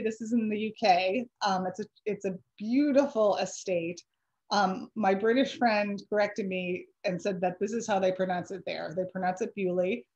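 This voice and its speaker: A woman author giving a chatty slide presentation, pausing with ums and correcting herself, her voice a little dry from allergies. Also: medium pitch, darkish tone, poor audio. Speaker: author giving a library talk.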